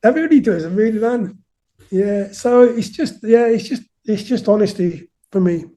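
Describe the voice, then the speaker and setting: High-voiced, mellow man in his fifties. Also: expressive, normal speed. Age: 50s. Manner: earnest, reflective, repeats words when starting sentences. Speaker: guest musician. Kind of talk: casual conversational interview.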